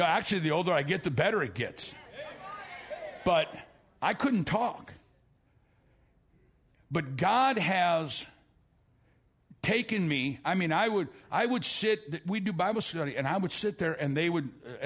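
A middle-aged male pastor preaching a sermon in a church, building to shouted emphasis and telling stories with stammered restarts. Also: mid-range voice. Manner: preaching with rising, shouted emphasis and repeated phrases. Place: church sanctuary.

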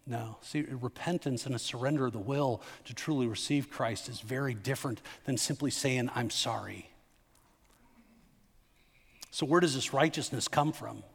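A middle-aged male pastor preaches a sermon in a conversational, emphatic style, turning to the congregation with asides and questions. His medium-pitched voice has a breathy edge and moves at a moderate pace with hardly any pauses, under long hall reverb.

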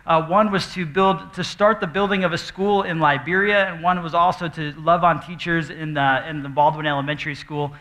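Bright-voiced nervous male pastor. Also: fairly high pitch, fairly even intonation. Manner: halting, full of fillers and restarts, joking. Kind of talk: casual church announcements and live Q&A. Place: church auditorium with audience.

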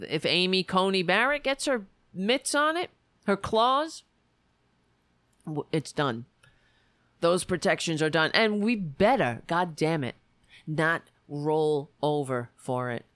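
Brief: furious, profane female commentator, slow, clear and dry close voice. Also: on the low side, fairly bright tone, no room sound. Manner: indignant, profane, emphatic. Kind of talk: angry political rant.

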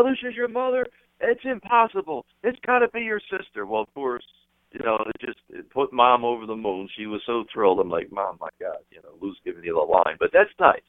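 Middle-aged male guest, lowish voice, animated anecdote teller, heard over a dry, tinny phone line. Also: dry recording. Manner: animated anecdotes, jumps into high voices when quoting people. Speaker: guest, wrestling manager and author. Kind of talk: casual storytelling on a call-in interview. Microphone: telephone.

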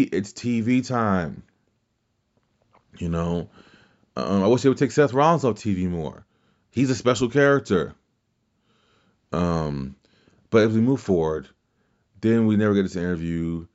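This wrestling podcast host has a low, darkish voice, captured with lo-fi sound. He rambles through his opinions in a casual way, swearing freely, restarting sentences, and mimicking quotes.

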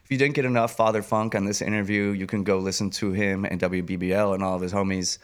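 A man's voice: on the low side, fairly even intonation, fast. A man co-hosting a podcast in a laid-back, casual way. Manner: laid-back, wraps up and plugs. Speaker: podcast co-host.

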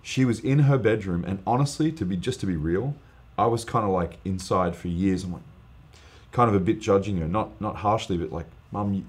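A man, a guest preacher, telling an earnest, animated testimony story in casual podcast chat, with lots of fillers. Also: sits low, fairly quick.

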